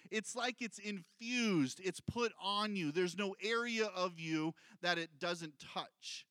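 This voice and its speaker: A man's voice: high-pitched, pushed and bright, no room sound. A middle-aged man preaching a sermon in a conversational way, repeating key points and asking the congregation questions. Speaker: pastor.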